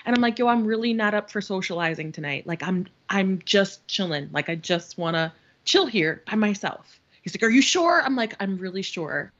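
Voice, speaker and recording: A woman's voice: mid-range voice, moderate pace, hardly any pauses, lo-fi sound. A woman in her thirties co-hosting a podcast, telling a story in casual chat, acting out what others said, swearing and laughing often. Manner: animated storyteller, acts out quotes, swears freely, laughs often. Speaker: podcast co-host.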